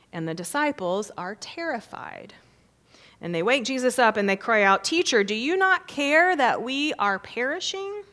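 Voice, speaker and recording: A woman preacher giving a sermon, reading scripture expressively, with rising swells and hushed drops. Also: medium pitch.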